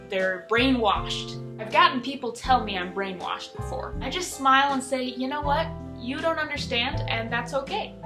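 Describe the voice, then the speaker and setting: A young woman telling travel stories in a chatty, excitable, geeky vlog. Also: fairly high pitch. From United States. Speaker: travel vlogger. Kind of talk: casual storytelling vlog.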